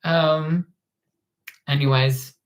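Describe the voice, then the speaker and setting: A woman's voice: low voice, steady tone, very slow. A woman hosting a casual livestream, rambling with plenty of ums and restarts as she reads out chat comments. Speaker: livestream host.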